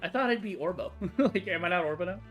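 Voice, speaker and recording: A woman hosts a gaming channel and talks casually over her playthrough. Her voice sits a little low, and she swears and laughs freely. Faint music sits behind her. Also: animated, quick pace. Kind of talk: let's play commentary.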